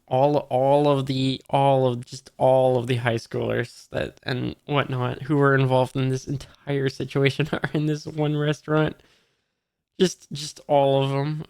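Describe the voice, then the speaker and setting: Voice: medium pitch, a little mellow, clear, resonant tone. A person casually reading a comic chapter aloud, stopping often and forgetting the characters' names. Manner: reads quotes in a near-plain voice. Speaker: manga reader.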